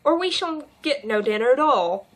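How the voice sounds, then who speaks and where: A polite, earnest little girl from a storybook, as a woman reading aloud gives her voice. She speaks carefully in a light, fairly high voice. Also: expressive, moderate pace. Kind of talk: audiobook reading.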